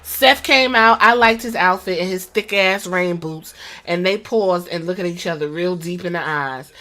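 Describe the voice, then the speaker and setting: A woman hosting a podcast, recapping a wrestling show in casual, profane, animated storytelling with quoted impressions. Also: fairly low pitch, normal speed. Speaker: podcast host.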